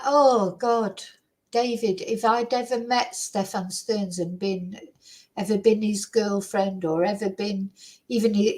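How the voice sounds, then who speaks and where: A woman's voice: medium pitch, a little mellow, rough recording. A woman hosting her own channel, chatting casually and rambling with many fillers and tag questions. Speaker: true crime commentary channel host. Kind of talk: casual chat to camera.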